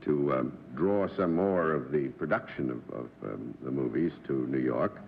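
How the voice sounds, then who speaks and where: A man hosting a television panel game show, courteous and formal, on an old broadcast recording. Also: moderate pace. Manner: courteous and formal, lively pitch. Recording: dull old TV broadcast with clear hiss.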